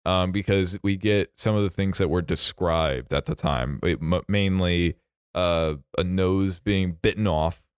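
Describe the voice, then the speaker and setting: A man's voice: low-pitched, unhurried, smooth, no echo. A young man co-hosting a casual movie news podcast, laughing often and making dry jokey asides. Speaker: podcast co-host.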